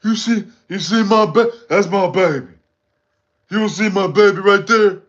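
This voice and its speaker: A man voicing a robot who insists she is a lady, speaking in a low, drawn-out, proud and defensive voice. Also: a bit bright. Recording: dull lo-fi sound.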